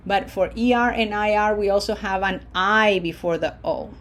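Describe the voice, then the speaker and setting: A woman teaching Spanish verb endings, drilling each form slowly and encouraging her students. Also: medium pitch, a bit bright. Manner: slow, deliberate drill pronunciation with encouraging asides. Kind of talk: language lesson.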